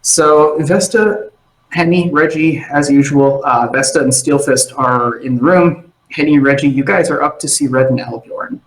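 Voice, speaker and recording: A man narrating a tabletop game as game master, animated and jumping into side characters. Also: on the high side, moderate pace, reverberant, low-quality recording.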